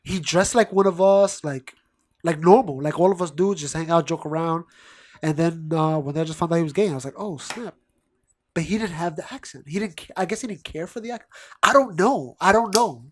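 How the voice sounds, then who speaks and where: A man's voice: a little high, a little fast. A man co-hosting a casual podcast, telling loose stories and acting out quotes in goofy voices, laughing often. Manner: loose storytelling, acts out quotes in silly voices. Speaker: podcast co-host. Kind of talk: casual chat. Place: home basement studio.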